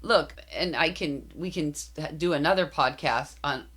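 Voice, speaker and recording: A woman's voice: sits low, normal speed, a bit bright. A woman in her fifties, a podcast guest, telling candid parenting stories in casual chat. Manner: candid storytelling, acts out quoted dialogue.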